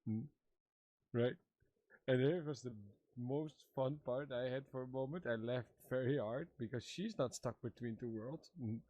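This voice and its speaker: A man's voice: medium pitch, unhurried, muffled recording, natural voice. A man playing Mato, a playful married tribesman in a western roleplay, telling stories in broken English and acting out the voices of others. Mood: amused. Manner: broken English, animated retelling with quoted voices. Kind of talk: in-character roleplay chat.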